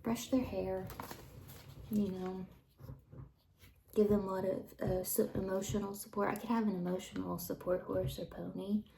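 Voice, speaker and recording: A woman telling personal stories in a casual monologue, rambling along and dropping into soft whispered asides. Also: mid-range voice, level tone, moderate pace, creaky, long pauses, background noise.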